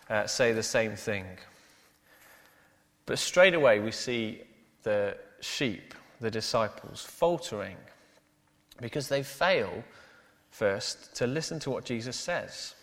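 A man's voice: mid-range voice, a bit bright. Male pastor preaching in a reverberant hall. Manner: frequent "uh" fillers, rhetorical tag questions. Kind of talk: sermon.

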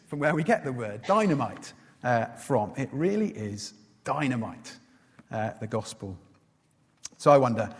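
A man preaching a sermon in an earnest manner, putting questions to his listeners and pausing often with "uh". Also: medium pitch, slightly rough. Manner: earnest, asks the listeners questions, many "uh" fillers. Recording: long reverb of a large hall.

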